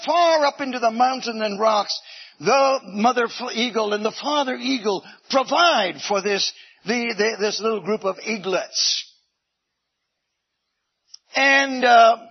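A man preaching a sermon with animated storytelling that swings into shouts. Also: very high voice, breathy edge, muffled recording.

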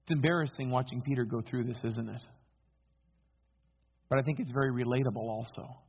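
A man's voice: medium pitch, steady tone, a little fast, slightly rough. A male preacher giving a sermon, telling the story dramatically and posing rhetorical questions to his listeners. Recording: tinny phone-like sound.

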